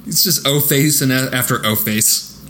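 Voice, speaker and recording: A man's voice: mid-range voice, moderate pace, bright, forceful tone, slight background noise. A man co-hosting a podcast, recapping a film plot in a casual, laughing, profane way. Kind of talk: casual chat.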